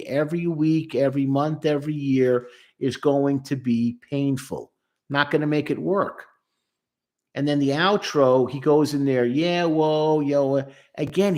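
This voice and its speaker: Male therapist, slightly high voice, emphatic commentary on song lyrics. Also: darkish tone.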